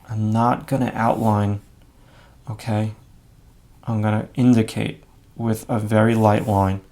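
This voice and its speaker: A man's voice: fairly low pitch, creaky, darkish tone. A man giving a live drawing lesson, talking casually and thinking aloud as he sketches, with frequent fillers. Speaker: drawing instructor.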